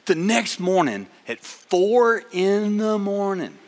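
A middle-aged man preaching a sermon, swinging from loud exhortation to hushed personal storytelling. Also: high voice, sing-song, takes it slowly. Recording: long hall reverb.

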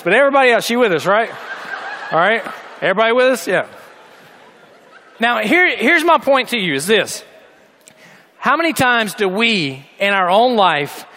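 Male preacher, fairly high voice, animated storytelling sermon, humor then earnest call.

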